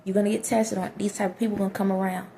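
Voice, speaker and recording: A woman with a soft, mellow voice and a gravelly fry talks straight to her viewers. She gives direct, preachy life advice and keeps checking that they follow her. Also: medium pitch, little pitch movement, racing, slight background noise. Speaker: vlogger giving life advice. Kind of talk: direct-to-camera motivational talk.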